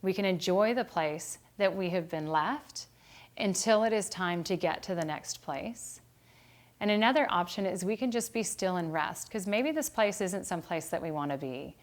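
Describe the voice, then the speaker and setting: A middle-aged woman gives a calm devotional Bible study lesson. Her voice sits on the low side, and her delivery is gentle and unhurried. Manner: calm and gentle, growing quieter toward a meditative close. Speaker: Bible study author and teacher. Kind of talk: reflective devotional talk.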